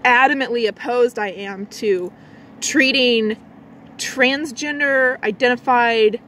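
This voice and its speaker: Rambling woman vlogging outdoors. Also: a little hiss or hum. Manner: rambling, many likes and restarts; swings between a low lazy voice and a bright high one. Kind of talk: casual vlog chat.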